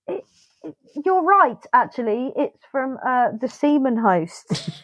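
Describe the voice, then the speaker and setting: A woman's voice: high voice, big pitch swings, slow, dry recording, rough recording. A British woman co-hosting a casual podcast chat, playful, giggly and jokey. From United Kingdom. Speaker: podcast co-host.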